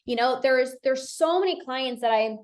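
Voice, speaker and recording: Chatty young woman coaching, fairly high voice. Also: normal speed. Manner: chatty, says "like" a lot, reassuring. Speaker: podcast host, binge eating coach. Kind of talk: solo podcast talk.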